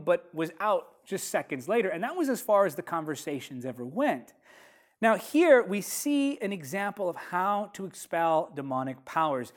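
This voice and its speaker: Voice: medium pitch, big pitch swings. Emphatic preacher with a rhythmic delivery. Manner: emphatic, repeats phrases for rhythm; slows down sharply to stress key lines. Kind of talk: sermon.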